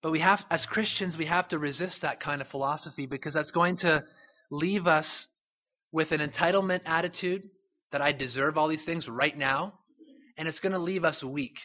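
A man's voice: fairly high pitch, dull audio. Emphatic man preaching a sermon. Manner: emphatic preaching, slows down for scripture. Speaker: pastor.

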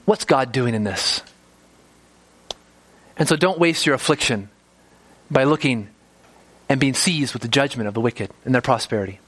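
A man's voice: mid-range voice, moderate pace, pauses often, fairly bright tone, husky. A man preaching an expository sermon, earnest and emphatic, piling up rhetorical questions.

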